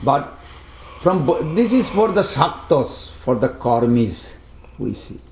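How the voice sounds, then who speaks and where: A man speaking to a devotional study group, telling a story in an animated way and acting out the characters. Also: a little high, takes it slowly, a little hiss or hum. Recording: roomy echo.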